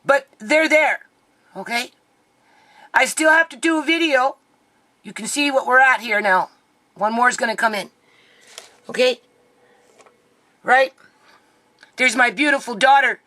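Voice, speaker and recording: A woman's voice: high voice, measured pace, pauses often, pushed and bright, dry recording, low-quality recording. A grieving mother talking to camera in an emotional vlog, near tears, who keeps asking "okay?" and calling out to "people".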